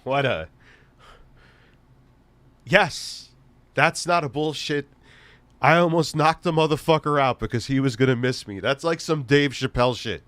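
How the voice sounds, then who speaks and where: A man hosting a live stream, telling a story in casual chat with heavy swearing and an animated, laughing delivery. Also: medium pitch, unhurried, pauses often, no room sound.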